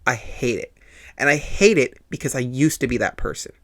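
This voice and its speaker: A man's voice: mid-range voice, expressive, normal speed. Earnest confessional man podcasting. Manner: earnest, confessional, repeats himself for emphasis. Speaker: podcast host. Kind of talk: personal storytelling monologue.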